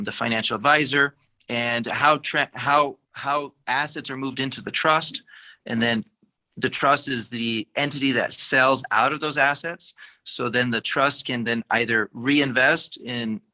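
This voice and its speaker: A man speaks in a casual business chat, calmly explaining how deals work. His voice is strikingly bright at a mid pitch. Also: rough recording.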